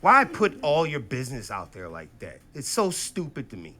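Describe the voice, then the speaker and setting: A man in his thirties doing a profane stand-up comedy set, swinging between loud outbursts and low, muttered asides. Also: wildly swooping pitch, moderate pace. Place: comedy stage before a live audience.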